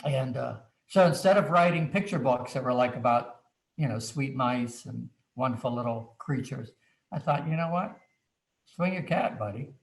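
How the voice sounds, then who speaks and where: A man telling an animated story as a guest author, acting out little quoted asides as he goes. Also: medium pitch, moderate pace, creaky, reverberant. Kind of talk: anecdotal storytelling on a video chat.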